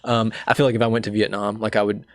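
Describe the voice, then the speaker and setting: A young man from Alabama with a Southern accent, hosting a casual interview and telling stories with animated quoted voices. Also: on the low side, fast, no room sound. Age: young adult. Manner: animated storytelling, acts out voices. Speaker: podcast host.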